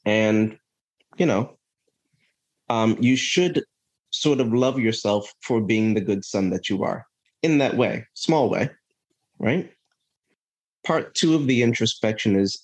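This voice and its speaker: A man's voice: mid-range voice, takes it slowly, long pauses. A man as a podcast guest, telling a personal story in an earnest, reflective way, often checking in with "right?" and restarting his sentences. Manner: earnest, thinks aloud with frequent "right?" and restarts.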